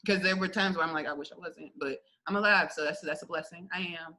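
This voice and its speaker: A young woman chatting as a guest, telling her faith testimony in a lively, chatty way with frequent laughs. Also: on the low side, quick pace, poor audio. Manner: lively, chatty, laughs often, many fillers. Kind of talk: casual faith testimony interview.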